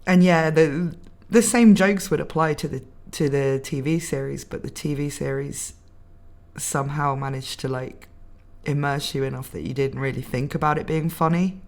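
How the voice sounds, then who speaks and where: Reading viewer comments during a casual stream, a young English woman speaks with a low, darkish voice, a steady tone and a moderate pace. Her accent is slightly posh. Giggly and chatty, she laughs often between remarks.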